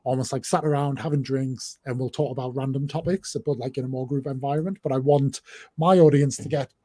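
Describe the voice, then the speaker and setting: Chatty northeast English man, husky and mellow. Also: medium pitch, steady tone, brisk. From northeast England. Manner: chatty, rambling, many fillers and restarts. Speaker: host. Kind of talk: casual chat on a livestream.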